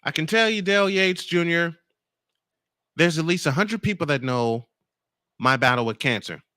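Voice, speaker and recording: A man's voice: a little high, normal speed, pushed and bright, clear, resonant tone, no echo, studio quality. A man hosting a morning show, ranting angrily at a critic and repeating his points for emphasis. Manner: confrontational, addresses a critic directly and reads comments aloud; emphatic, repeats phrases for effect. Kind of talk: angry on-air rant.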